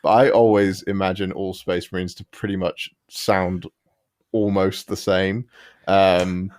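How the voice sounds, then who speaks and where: A man's voice: deep voice, level tone, measured pace, darkish tone. A man co-hosting a casual podcast chat, telling stories with amused asides. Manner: amused storyteller, mimics audiobook voices. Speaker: podcast co-host.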